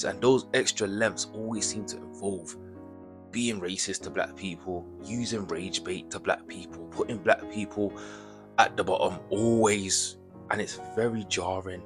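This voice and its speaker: Man, low voice, ranting commentary, indignant and slangy, faint guitar music behind. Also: a bit bright. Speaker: commentary YouTuber.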